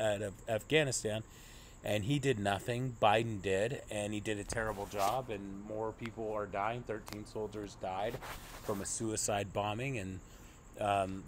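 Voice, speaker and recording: A man's voice: on the low side, a little hiss or hum. A young man giving a profane, exasperated political rant as a commentary vlogger, mocking and blunt.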